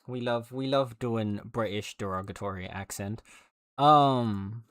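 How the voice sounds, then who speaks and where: A man's voice: on the low side, moderate pace, a bit bright, dry recording, clean studio sound. A man livestreaming a game, chatting casually with viewers in a rambling way with lots of fillers and restarts.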